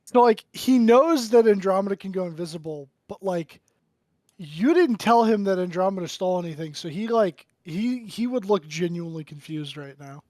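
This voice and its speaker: A man's voice: high-pitched, expressive, normal speed, darkish tone, dry recording. Chatty man playing a tabletop game. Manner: chatty, filler-heavy explanation. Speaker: player.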